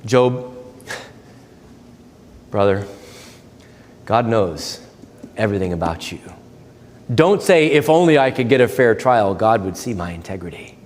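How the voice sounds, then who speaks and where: A man preaching a sermon as pastor, earnest, swinging from loud, lively quoted asides to low, hushed emphasis. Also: takes it slowly, pauses often, in a large hall. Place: church sanctuary.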